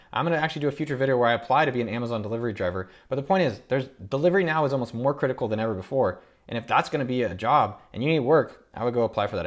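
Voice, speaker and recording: A man in his thirties hosts a video from his home office, rattling off ideas at a rapid clip. His voice sits at a middling pitch, and he sounds upbeat and eager as he lists each new idea like an entrepreneur pitching opportunities. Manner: upbeat, quick, listing ideas with enthusiasm. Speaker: entrepreneur and YouTube host. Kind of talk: casual talk to camera.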